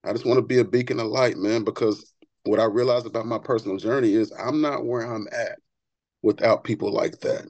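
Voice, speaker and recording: On a dry, low-quality recording, a barber and author guesting on a podcast tells stories in a brisk, medium-pitched voice. He's earnest and animated, repeating words when he gets excited in this conversational interview.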